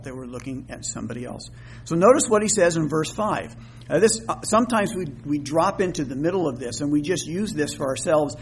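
A man preaching a sermon in an earnest way, often slowing down and rising in pitch and volume when quoting scripture. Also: slight background noise. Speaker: minister.

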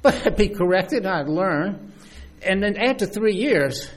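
Husky, animated preacher man. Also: high-pitched, a little slow. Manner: lively, conversational preaching with many restarts and asides. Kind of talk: sermon.

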